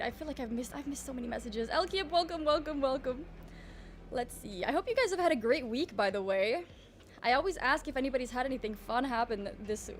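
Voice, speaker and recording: A woman's voice: a little high, a bit bright. A young woman streamer with a groggy morning voice, chatting in a rambling, casual way and greeting her chat. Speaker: livestreamer.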